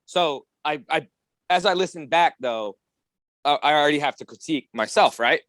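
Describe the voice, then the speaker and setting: Podcast regular, male, slightly higher voice; dry close sound, profane. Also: moderate pace, a bit bright, no echo. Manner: crude, profane banter with frequent throat clearing. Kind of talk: casual chat.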